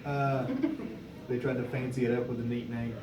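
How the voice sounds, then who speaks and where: A man's voice: mid-range voice, normal speed. A young man moderating a convention panel, telling a casual anecdote with frequent laughter. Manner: animated storyteller, laughing often. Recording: echoey room, distant mic, background noise.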